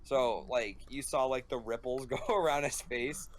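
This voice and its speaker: A young man telling a rambling story in casual chat, full of fillers and animated quotes. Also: mid-range voice, normal speed. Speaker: podcast host. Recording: faint background noise.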